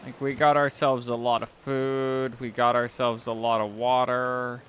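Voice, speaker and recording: Man, casual gaming stream chatter, rambling, self-deprecating, bright tone. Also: mid-range voice, flat delivery, measured pace, a little hiss or hum.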